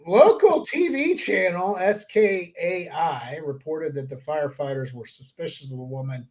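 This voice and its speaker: A man's voice: fairly high pitch, animated, moderate pace, darkish tone. A man from the co-hosting a comedy podcast, reading news stories and joking with friends. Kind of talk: casual comedy podcast banter.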